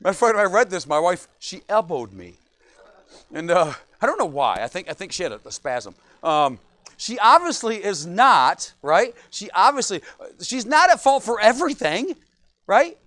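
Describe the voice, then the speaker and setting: A man's voice: high voice, very animated, normal speed, fairly bright tone, dry recording. A middle-aged man, a pastor, preaching a sermon in a church, joking often and asking "right?" again and again.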